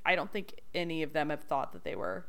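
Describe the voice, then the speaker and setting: A woman in her thirties co-hosting a casual podcast, chatty and quick to laugh. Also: low-pitched, steady tone, fairly bright tone. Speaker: podcast co-host. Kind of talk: casual chat.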